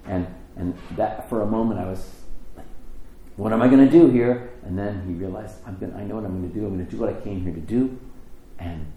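A man preaching a sermon, telling a story and acting out the quotes with lively rises in his voice. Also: fast. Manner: animated storytelling, acting out quotes with rising pitch. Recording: echoey room with faint ambience.

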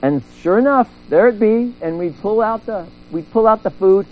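A middle-aged man preaching a sermon in a church, telling a story with lively acted-out voices. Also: sits high, moderate pace, rough recording. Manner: animated storytelling, acting out voices.

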